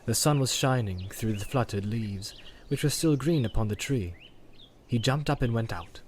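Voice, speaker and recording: A man narrating a fantasy story aloud in a steady, measured way. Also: mid-range voice, slight background noise. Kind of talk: audiobook reading.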